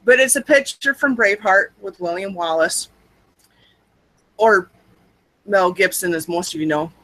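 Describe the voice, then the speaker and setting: A woman's voice: medium pitch, measured pace, sharp tone, no room sound, low-quality recording. A young adult woman co-hosting a podcast, chatting casually in a rambling, wry, self-mocking way. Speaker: podcast co-host. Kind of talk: casual chat.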